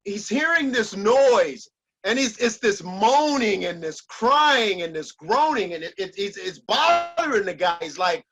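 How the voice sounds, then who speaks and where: A man's voice: extremely high pitch, sharp tone. A man giving a motivational speech with an emphatic, preacher-like cadence and lots of repetition. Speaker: motivational speaker.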